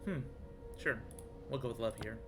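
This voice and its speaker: A man's voice: medium pitch, normal speed, music in the background. A man streaming a video game, musing aloud as he reads and translates in-game text and greets viewers in chat. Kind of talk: live gaming commentary.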